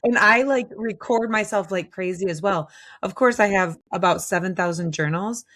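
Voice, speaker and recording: A woman's voice: medium pitch, moderate pace, a bit bright. A woman hosting a casual interview, encouraging her guest and laughing along. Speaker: podcast host.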